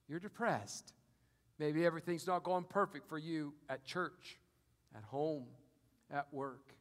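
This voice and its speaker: High bright-voiced preacher man, loud then hushed, long echo in a big room. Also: moderate pace. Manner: preaching with big swings in loudness, booming on scripture. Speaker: pastor. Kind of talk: sermon. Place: auditorium. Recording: long hall reverb.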